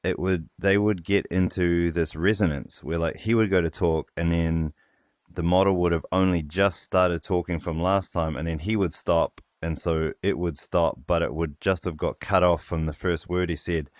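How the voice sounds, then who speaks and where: Brief: male developer, casual meeting talk, hesitant and full of fillers, smooth low voice, dry close sound. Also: fairly even intonation, no room sound. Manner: hesitant, pauses a lot, many fillers. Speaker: developer demoing a voice API.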